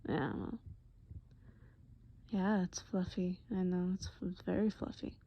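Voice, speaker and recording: A tender young man murmurs pet names in a whispered role-play, as a woman puts him on. He speaks slowly and softly, never raising his voice. The recording sounds dull and lo-fi. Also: fairly low pitch. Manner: soft, gentle, affectionate pet names.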